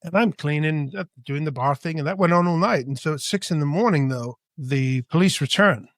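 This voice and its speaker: A middle-aged man raised in Spain, a podcast guest telling a story in a casual, animated way, jumping into high voices when he quotes people. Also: brisk, dry recording, clean studio sound. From Britain, raised in Spain.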